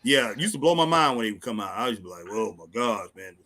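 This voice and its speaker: A man's voice: medium pitch, lively intonation, very fast, crowd noise. A man from the States, co-hosting a wrestling talk stream in laid-back casual chat, saying "man" often. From Southern United States. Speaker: podcast co-host. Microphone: live stream.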